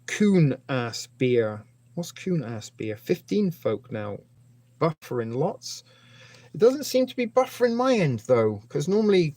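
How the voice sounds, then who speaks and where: A man with a gravelly, creaky voice hosts a casual live stream, rambling from one thing to the next. His pitch sits in an ordinary middle range, and he keeps chatting to his viewers by name as he goes. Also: a little mellow, no room sound.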